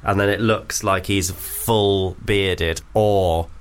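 A man's voice: low voice, fairly even intonation, slow, clean tone. A man co-hosting a radio show, bantering playfully and laughing often. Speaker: radio co-host.

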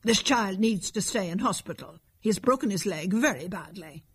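A woman voicing a hurried elderly male doctor, husky and brisk. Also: mid-range voice, animated, dry recording, studio quality.

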